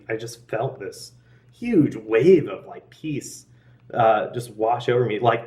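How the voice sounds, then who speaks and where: Recorded from far away, a mid-range male voice belongs to a young interviewee sharing a faith story. He's casual and earnest, breaking into laughter often and stumbling through many fillers and restarts.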